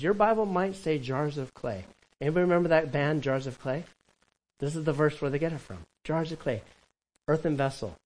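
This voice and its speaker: A man preaching a sermon as pastor, animated and conversational, with quick asides to the congregation. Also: medium pitch, poor audio.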